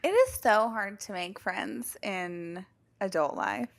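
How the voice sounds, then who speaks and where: A young woman co-hosting a chatty podcast, her voice carrying a gravelly fry at mid pitch. She tells animated stories with casual swearing and lots of back-and-forth. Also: slow. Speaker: podcast co-host. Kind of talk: casual chat.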